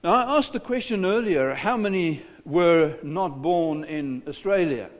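A South African pastor preaches a sermon in a voice on the high side, animated and at a measured pace, with a long reverb tail behind it. He poses rhetorical questions and often repeats his words.

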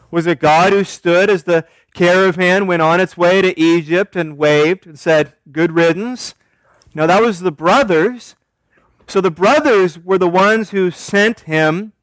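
High-voiced emphatic male preacher. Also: dry recording. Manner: emphatic, asks rhetorical questions and answers them. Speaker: pastor. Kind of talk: expository sermon.

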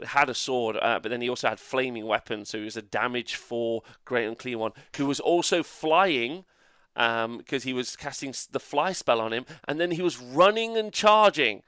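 A man co-hosting a casual tabletop gaming podcast, animated and swearing freely with lots of fillers. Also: mid-range voice, clean tone, no room sound, studio quality. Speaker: co-host. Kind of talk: casual podcast chat about tabletop games.

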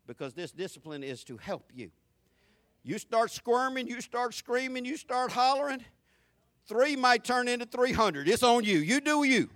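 A middle-aged man, a pastor, preaching with rhythmic repetition, swinging between loud, driving lines and low, hushed ones. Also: dry recording. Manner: repetitive, rhythmic phrasing with homespun asides. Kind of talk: sermon.

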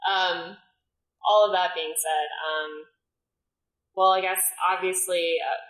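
Woman co-host, lowish voice, chatty and filler-heavy, echoey room. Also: steady tone, slow pace, fairly bright tone. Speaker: podcast co-host. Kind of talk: casual film review chat.

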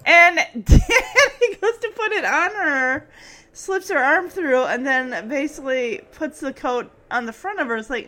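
A woman podcaster casually retelling a sitcom episode, chatty and animated, often laughing and quoting the characters. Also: high-pitched, normal speed. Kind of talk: casual chat.

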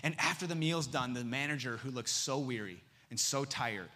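Young guy preaching, bright forward voice, tells stories and acts out all the dialogue. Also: normal speed. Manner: storytelling, acting out dialogue with big pitch jumps. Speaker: campus missionary preaching. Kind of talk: sermon.

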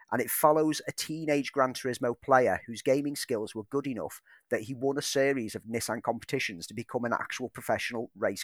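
Enthusiastic guy on a movie podcast, normal pitch, dry close mic. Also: a bit bright, no room sound. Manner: eager, enthusiastic. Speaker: podcast co-host. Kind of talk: casual film chat.

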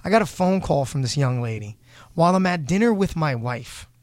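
A man's voice: fairly high pitch, lively intonation, a little fast, a little mellow, dry recording. Blunt, heated man ranting. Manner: blunt, heated, swearing, quotes others in put-on voices. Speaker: show host. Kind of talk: casual podcast rant.

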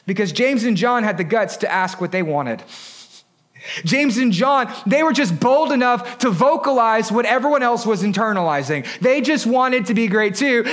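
A man in his thirties preaching a sermon as pastor, moving from quiet, low stretches up to shouted points. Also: animated, moderate pace. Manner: builds from quiet to shouted emphasis.

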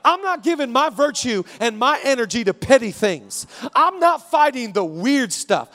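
A male pastor preaching a sermon with rhythmic repetition, swinging between shouted peaks and hushed stretches. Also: extremely high pitch, sing-song, moderate pace, few pauses, long reverb tail. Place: church auditorium.

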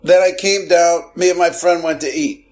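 Chatty rambling man, slightly high voice. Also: steady tone, normal speed, a little mellow. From lives in Los Angeles. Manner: chatty, digressive, self-deprecating. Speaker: podcast host. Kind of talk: casual rambling monologue.

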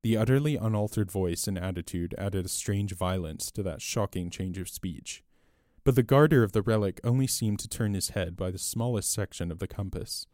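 Male narrator, low register, dry close sound, measured storytelling. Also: darkish tone, dry recording. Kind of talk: scripted audiobook narration.

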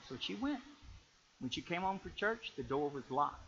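A man preaching as pastor, in a folksy, animated storytelling way that jumps to loud peaks. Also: on the high side, normal speed, creaky, highs cut off. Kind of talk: sermon.

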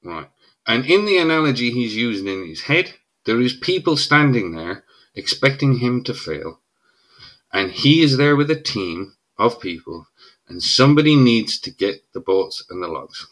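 A middle-aged man with an Irish accent talks as a podcast guest, his voice bright and forceful. He lays out his argument emphatically and keeps checking in with "right?". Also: mid-range voice, very animated, normal speed. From Ireland. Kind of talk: casual podcast conversation.

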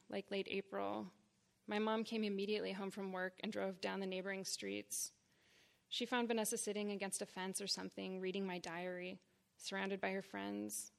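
Woman, 30s, writer reading her memoir live; measured phrasing, gravelly edge. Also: mid-range voice. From Boston area, United States. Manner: deliberate, measured reading in short phrases with blunt frankness. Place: reading series event before an audience.

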